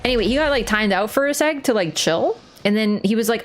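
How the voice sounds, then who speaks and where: A woman's voice: a little high, lively intonation, fast talker, hardly any pauses. A young woman streaming a game, chatting casually, swearing and laughing often. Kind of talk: casual gaming stream chat.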